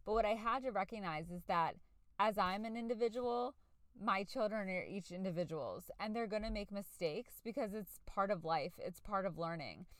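A woman's voice: medium pitch, moderate pace, dry recording. A woman in her forties hosting a solo podcast, talking in a chatty, earnest way. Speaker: podcast host. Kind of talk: casual solo podcast talk.

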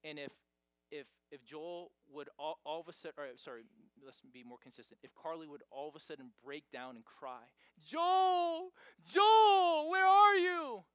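A man's voice: on the high side, steady tone, a little fast, dry recording. A man preaching a sermon as pastor, talking in a conversational way and pushing hard on key points. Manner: conversational, emphatic, rising to loud stresses.

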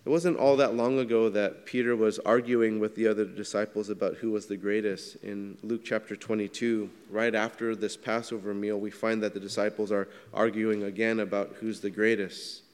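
A man's voice: lowish voice, little pitch movement, normal speed, few pauses, clear, resonant tone, in a large hall. A man preaching a sermon in a conversational way, asking his listeners questions as he walks through the passage. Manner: conversational, asks the congregation questions. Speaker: pastor.

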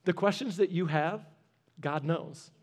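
Pastor, male, high for a man, earnest exhorting sermon delivery with storytelling. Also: unhurried. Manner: earnest, exhorting, repeats short commands.

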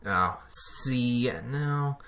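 A man's voice: medium pitch, very slow, a bit bright. A man co-hosting a podcast in casual chat, rambling and chuckling as he talks. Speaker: podcast co-host.

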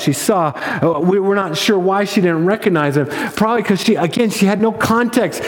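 A male pastor preaching in a relaxed, conversational way, often restarting his phrases. His voice sits high for a man, and it rings out with a long echo in a large church hall. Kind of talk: sermon. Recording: echoey hall with long reverb.

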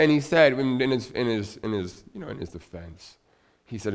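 A man giving a church sermon in a conversational storytelling way, often restarting his sentences and dropping to a soft, low voice at heavy moments. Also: lively intonation, a little fast. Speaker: pastor. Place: church sanctuary.

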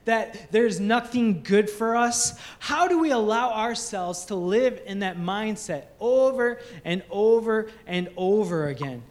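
High-voiced man preaching a sermon. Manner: earnest, building through repetition. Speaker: pastor.

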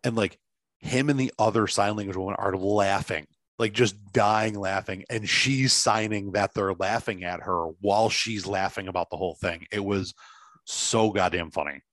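A man's voice: fairly low pitch, normal speed, fairly bright tone, no room sound. A man in casual chat, telling a long rambling story full of fillers over a video call.

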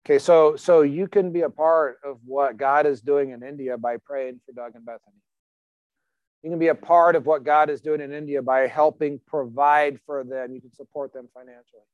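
A man's voice: a little high, steady tone, moderate pace, no room sound, muffled recording. A man preaching a sermon as pastor in a conversational, emphatic way, asking the congregation questions.

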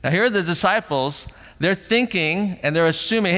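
A middle-aged man preaching a sermon as pastor in a church sanctuary, animated, acting out voices and asking rhetorical questions. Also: high-pitched, moderate pace. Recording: long hall reverb.

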